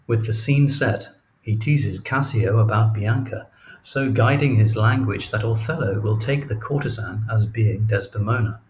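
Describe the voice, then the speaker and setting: A man narrating literary commentary from an audiobook in a measured reading style. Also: fairly low pitch, a little hiss or hum, low-quality recording. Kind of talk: scripted narration.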